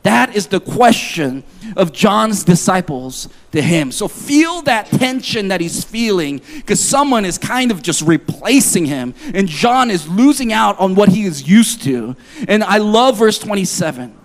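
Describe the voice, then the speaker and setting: A man in his forties preaches a sermon with a high, bright-sounding voice that swoops up and down in pitch. He moves between reading scripture and telling a personal story, joking and confessional, his voice jumping up in excited asides. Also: unhurried. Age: 40s. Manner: animated, jokey, confessional storytelling. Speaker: pastor.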